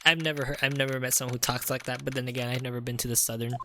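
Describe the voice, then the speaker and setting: A man's voice: mid-range voice, level tone, very fast, hardly any pauses, bright, forceful tone, slight background noise. A man streaming a game, making casual, joking asides, with game music playing behind. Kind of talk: casual gaming commentary.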